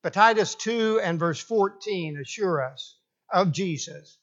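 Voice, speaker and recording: A man preaching a sermon, slow and deliberate, often restarting his phrases for emphasis. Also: sits high, a bit bright, muffled recording.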